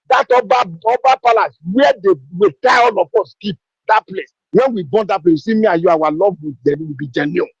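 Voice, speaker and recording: A man with a Nigerian English accent speaks with fire and urgency, hammering the same rhetorical questions again and again. His voice sits high and sounds husky. It comes through dull, lo-fi online call audio. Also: no echo. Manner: repetitive rhetorical questions, fiery. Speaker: participant in an online discussion. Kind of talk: impassioned call-in speech.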